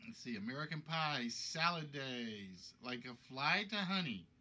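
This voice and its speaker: A man's voice: medium pitch, lively intonation, measured pace, bright, forceful tone. A man hosting a live-streamed game show from home, thinking aloud and rambling as he chats. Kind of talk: casual live-stream chat.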